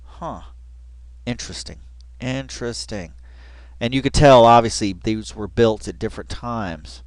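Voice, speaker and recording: A man's voice: mid-range voice, measured pace, dry recording. Rambling, wry male video commentator. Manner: rambling, wry, swears freely, thinks aloud. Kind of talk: casual commentary over a video.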